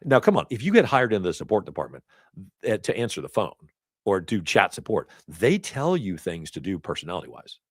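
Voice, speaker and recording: A man teaching a live training class, talking casually with asides and quick self-corrections. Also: on the low side, huge pitch swings, no echo, studio quality. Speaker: instructor. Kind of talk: live certification lecture. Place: training event room.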